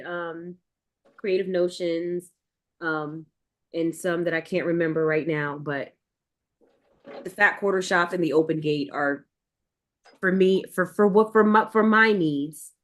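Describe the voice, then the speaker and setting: A woman's voice: fairly low pitch, fairly even intonation, a little slow. A woman hosting a live sewing chat, talking casually and rambling with fillers and restarts. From United States East Coast. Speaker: livestream host.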